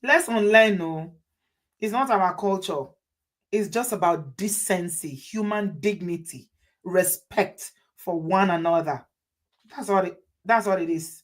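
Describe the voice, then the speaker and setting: A woman's voice: lowish voice, measured pace. A woman hosting, giving advice to viewers in an emphatic way and repeating her points. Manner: emphatic, repeats phrases for effect. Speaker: host.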